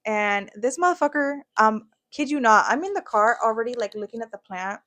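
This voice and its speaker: A young woman co-hosting a podcast, telling a story in fast, profane casual chat and switching into Spanish at times. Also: fairly high pitch, animated, a bit bright. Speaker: podcast co-host.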